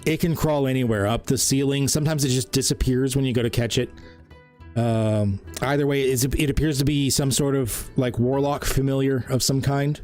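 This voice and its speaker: A man's voice: mid-range voice, darkish tone. Rambling game master man from Canada. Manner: rambling, with many fillers and restarts. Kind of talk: narrating a tabletop game.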